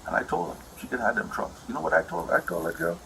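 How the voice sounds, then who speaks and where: A man's voice: a little high, lively intonation, fast, vocal fry, pushed and bright, a little hiss or hum, poor audio. A man rambling in an aggrieved, repetitive way as he complains to an officer about a domestic dispute. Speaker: husband explaining a domestic dispute. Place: indoors at a house.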